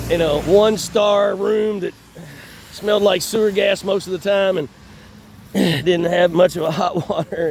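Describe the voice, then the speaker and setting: A high-pitched man, talking on and on, swearing freely and chuckling between thoughts. He sounds worn down by constant pain, and faint traffic hums behind him outdoors. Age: 50s. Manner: profane, rambling, laughs between phrases. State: in chronic pain. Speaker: vlogger. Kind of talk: casual rambling monologue. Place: outdoors on an urban street.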